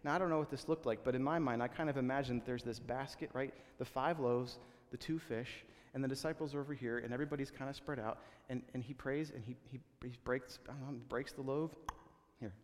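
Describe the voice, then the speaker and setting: A man's voice: mid-range voice, fairly even intonation, fairly quick, in a large hall. A man preaching a sermon as a pastor, conversational and full of restarts, acting out the people he quotes.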